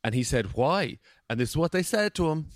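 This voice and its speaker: A man's voice: fairly high pitch, very animated, fast, dry recording, studio quality. A man co-hosting a podcast, telling stories in casual chat and acting out the quoted lines. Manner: storytelling that acts out quoted lines. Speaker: podcast co-host.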